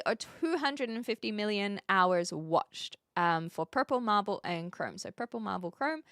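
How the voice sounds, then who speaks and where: A young woman from New Zealand with a New Zealand accent, chatting casually on a live stream, reading out chat and filling pauses with ums and quick laughs. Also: mid-range voice, sharp tone, dry recording, clean studio sound. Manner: chatty, reads chat aloud, frequent fillers and quick laughs.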